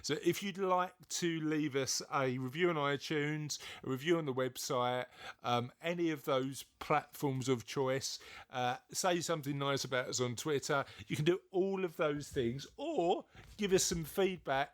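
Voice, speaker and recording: A man's voice: fairly high pitch, measured pace. A man co-hosting a podcast in casual, jokey banter, often laughing and teasing. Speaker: podcast co-host.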